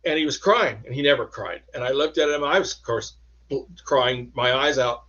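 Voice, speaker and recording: A man, an author, telling personal stories as an interview guest, halting and restarting often as he talks. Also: medium pitch, sharp tone. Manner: halting, with many restarts and trailing phrases. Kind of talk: casual interview storytelling. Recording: dull lo-fi sound.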